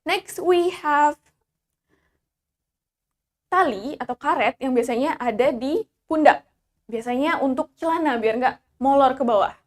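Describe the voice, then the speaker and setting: A woman teaching English vocabulary, pronouncing each word slowly and repeating it for learners. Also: high voice, lively intonation. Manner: slow, careful pronunciation, repeating each word. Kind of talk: vocabulary lesson with repetition drills.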